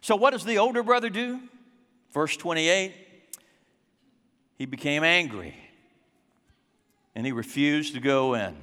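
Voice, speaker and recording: A man preaching a sermon, dramatic and acting out scenes, slowing down for emphasis in a church hall. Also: on the high side, fairly bright tone.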